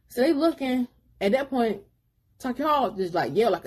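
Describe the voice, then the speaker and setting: A woman's voice: on the high side, animated, normal speed, darkish tone, husky. A woman casually retelling a book's plot in a rambling, slangy way, with asides to her viewers. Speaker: book reviewer. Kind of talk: casual book recap.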